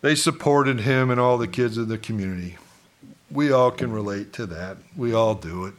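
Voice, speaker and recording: A man's voice: lowish voice, normal speed. Conversational middle-aged male pastor preaching. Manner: conversational, asks the congregation questions, mock-quotes townsfolk. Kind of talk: sermon.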